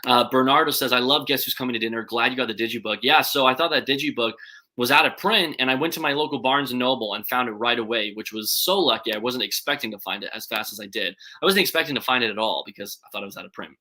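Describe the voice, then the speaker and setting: A man hosting a casual live stream about movies, chatty and hesitant with many ums and restarts, rushing his words when excited. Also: mid-range voice. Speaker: movie channel host.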